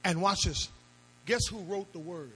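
A man preaching a sermon as pastor, firing off rhetorical questions and rising into shouted appeals. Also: sits high, unhurried, breathy edge, poor audio.

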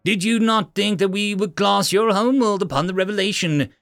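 Fierce feline alien inquisitor woman voiced by a man, hissing, accusatory, gravelly edge. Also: sits high, expressive, takes it slowly, no echo, clean studio sound, pitched above the performer's own voice, heavily acted. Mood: contemptuous. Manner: hissing, accusing, stammering when scared. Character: fierce female feline alien inquisitor, hateful then fearful.

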